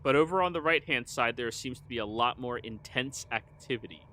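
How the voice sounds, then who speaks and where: Bright-voiced man narrating as dungeon master. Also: mid-range voice. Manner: descriptive, halting narration. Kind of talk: narrating a tabletop game.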